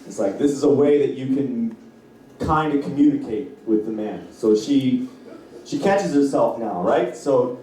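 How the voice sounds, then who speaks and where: A man's voice: mid-range voice, expressive, unhurried, warm tone, a little hiss or hum. Loose-talking man doing stand-up. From Canada. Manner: loose, crowd-work banter, acts out voices. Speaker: stand-up comedian. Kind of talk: stand-up comedy set. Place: comedy club. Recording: echoey club heard from a distance.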